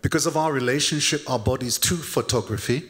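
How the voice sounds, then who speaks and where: A man speaks as a panelist, earnest and reflective. His pitch sits in an ordinary middle range. He lets his sentences trail off quietly. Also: fairly quick. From United Kingdom. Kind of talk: panel discussion answer.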